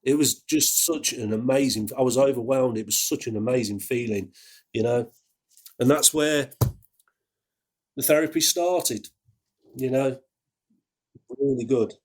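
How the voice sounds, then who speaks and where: A man with an English accent, an ambulance worker telling a personal story in a halting way, with many restarts. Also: mid-range voice, breathy edge. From England. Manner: halting, full of fillers and restarts.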